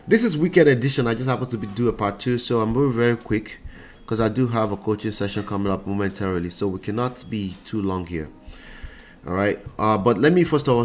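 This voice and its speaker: Congested man hosting a casual livestream. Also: lowish voice. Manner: chatty, greets viewers by name. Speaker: relationship coach and show host.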